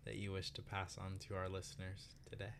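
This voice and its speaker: A woman podcast host and yoga teacher who asks questions slowly and affirms her guest warmly. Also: extremely low pitch, completely flat delivery, creaky, slight background noise. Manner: slow, affirming, encouraging. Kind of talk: interview hosting.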